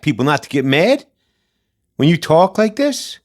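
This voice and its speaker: A man's voice: on the high side, very animated, moderate pace. A man hosting a commentary channel, ranting in a blunt, combative, slangy way and repeating his points. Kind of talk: casual commentary rant.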